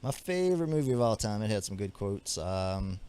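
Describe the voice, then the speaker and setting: A man's voice: fairly low pitch, big pitch swings, a little fast, mellow, smooth. A man co-hosting a podcast, chatting casually and quoting favourite movie lines. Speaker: podcast co-host.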